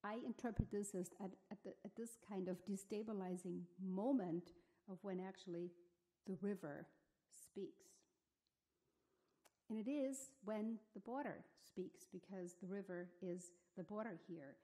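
Woman speaker at a symposium, mellow tone, hesitant academic delivery with lots of restarts. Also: medium pitch, normal speed. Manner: thoughtful, hesitant, many fillers and restarts. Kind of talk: academic conference talk. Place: museum symposium hall.

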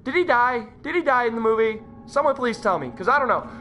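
Jumpy high-voiced woman gaming. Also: expressive, fast talker, fairly bright tone, a little hiss or hum. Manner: jumpy, panicky, yelps and exclaims, talks to herself. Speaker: gameplay commentator. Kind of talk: horror game let's play commentary.

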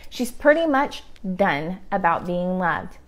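A woman's voice: on the low side, sing-song, slow pace. A woman giving an earnest devotional talk over a livestream, repeating key phrases for emphasis. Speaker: ministry leader. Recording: livestream video.

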